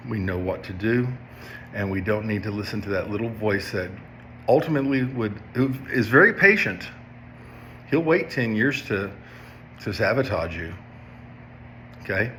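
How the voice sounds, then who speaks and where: A man in his fifties with a fairly low voice talks through a personal story as a substance abuse counselor. His delivery is casual and halting, with frequent "okay?" check-ins aimed at his viewers. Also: a bit bright, slight background noise. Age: 50s.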